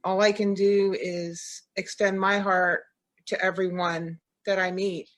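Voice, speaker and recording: A woman's voice: medium pitch, level tone, takes it slowly. A woman guest in a casual chat, speaking earnestly and repeating her point.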